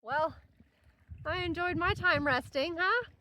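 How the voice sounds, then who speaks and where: A woman's voice: fairly high pitch, animated, normal speed, a little hiss or hum. A young woman narrating her hiking vlog outdoors on a mountain trail, chatting upbeat to viewers and her dog. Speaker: vlogger.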